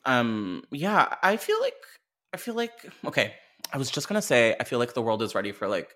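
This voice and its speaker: A podcast co-host chatting casually over a remote call, joking and mocking themself in a lively way. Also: mid-range voice, normal speed.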